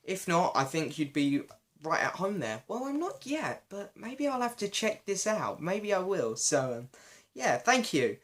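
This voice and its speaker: A young man, hoarse because his voice is going, chatting and apologizing as he answers viewer questions in a casual vlog. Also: high voice, sing-song, unhurried, fairly bright tone. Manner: chatty, self-deprecating, often apologetic.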